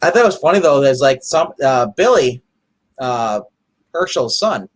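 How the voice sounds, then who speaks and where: A man co-hosting a casual comic review chat, excitable and rambling, often restarting his sentences. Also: medium pitch, normal speed.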